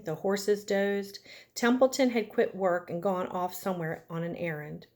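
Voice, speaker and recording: A woman teacher reading a chapter book aloud to her class, gently stopping to ask the children questions. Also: medium pitch.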